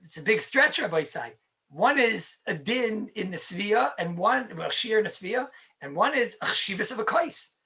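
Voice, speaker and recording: A man's voice: sits high, sing-song, normal speed, pushed and bright. A man, a rabbi, teaching Jewish law in a conversational lecture, stressing points by repeating them and answering his own questions.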